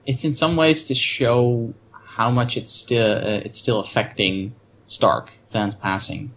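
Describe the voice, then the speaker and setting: A man's voice: mid-range voice, fairly even intonation, slow, fairly bright tone. A man in casual podcast chat, reflecting on a TV episode and chiming in with his take. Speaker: podcast co-host recapping a TV episode.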